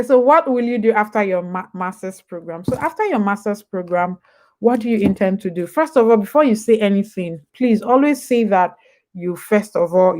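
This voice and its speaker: A young woman with a Nigerian accent talks her way through a casual live-stream advice session. She is chatty and wanders off topic, then pulls herself back. Her voice sits at an everyday middle pitch. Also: darkish tone. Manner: chatty, digressive, jumps back and forth. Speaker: host.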